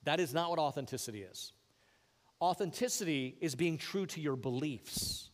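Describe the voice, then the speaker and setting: A man's voice: high-pitched, big-room sound. A male pastor preaching a sermon in an earnest, conversational way, pressing his points with rising emphasis.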